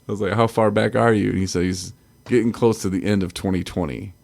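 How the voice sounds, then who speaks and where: A man's voice: fairly low pitch, fairly even intonation, fast talker, vocal fry, a little mellow. A man co-hosting a recovery podcast, from Michigan, talking in a rambling way with frequent laughs and restarts. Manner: rambling, self-interrupting, laughs often. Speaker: podcast co-host. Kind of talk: casual chat.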